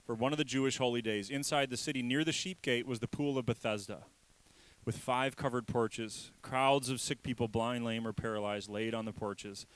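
A man preaching a sermon as a pastor, emphatic and repetitive, swinging between raised passages and hushed ones. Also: mid-range voice, rough recording.

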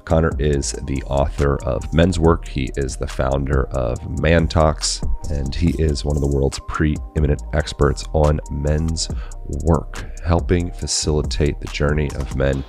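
A man hosting a podcast, introducing his guest and chatting in a relaxed, joking way. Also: very deep voice, measured pace, soft background music. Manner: relaxed, joking, laid-back. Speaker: podcast host. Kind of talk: casual podcast conversation.

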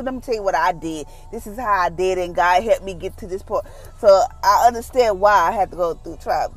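Woman, casual devotional speaker, conversational, mid pitch, faint background music. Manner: conversational, acts out quoted voices; informal, down-to-earth phrasing.

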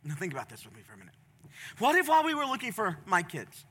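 A middle-aged male pastor preaching a sermon from a church stage, passionate, moving from quiet storytelling to loud, emphatic appeals. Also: high-pitched, big pitch swings, quick pace.

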